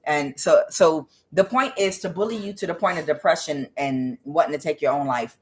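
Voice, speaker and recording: A woman's voice: low-pitched, normal speed. A woman tarot reader giving a casual, emphatic spiritual reading, preachy and blunt, with some swearing.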